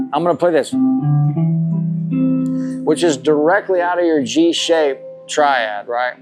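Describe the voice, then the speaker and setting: Man teaching guitar over loud playing. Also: fairly high pitch. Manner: loose, repetitive, thinking aloud between demonstrations. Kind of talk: live masterclass teaching. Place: room with a live audience. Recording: guitar music loud behind the voice.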